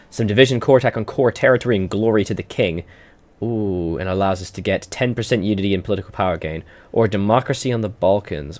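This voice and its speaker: A man's voice: on the low side, darkish tone. A man giving casual, playful commentary over a strategy game. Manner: playful, jokey, chatty. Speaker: gaming YouTuber.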